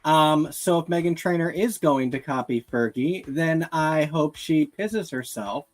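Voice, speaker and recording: Deadpan podcast co-host. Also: medium pitch, measured pace, faint music behind. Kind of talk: casual chat.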